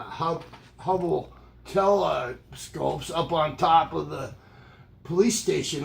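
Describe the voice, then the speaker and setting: An older man telling a rambling, humorous story in a casual way, jumping up in pitch to act out the voices he quotes. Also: creaky. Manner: animated, acts out quoted voices with jumps in pitch. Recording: loud background noise.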